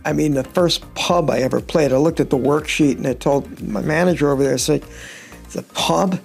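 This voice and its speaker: A man's voice: fairly high pitch, steady tone, brisk, vocal fry, darkish tone, faint music behind. A middle-aged man, a touring guitarist, chatting casually in an interview and telling rambling stories with wry humor. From United States.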